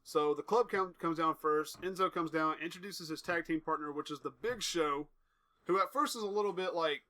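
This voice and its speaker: His voice sits high with a sharp edge as the young co-host loosely recaps wrestling on a podcast. He wanders through the stories and acts out the quotes along the way.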